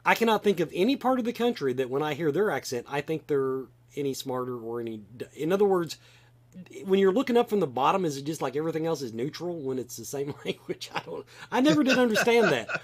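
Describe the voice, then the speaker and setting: This Kentucky podcast host talks quickly in a fairly high voice with a Southern accent. His casual chat is animated and meandering, full of false starts as he circles back and begins again.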